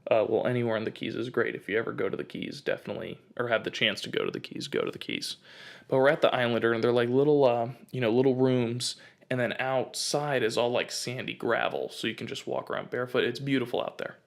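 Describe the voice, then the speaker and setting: A man's voice: medium pitch, steady tone, quick pace, creaky. A man in his twenties from the United States, hosting a casual comedic rant and rambling through his stories with plenty of fillers. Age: 20s. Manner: rambling storytelling, lots of fillers. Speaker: host.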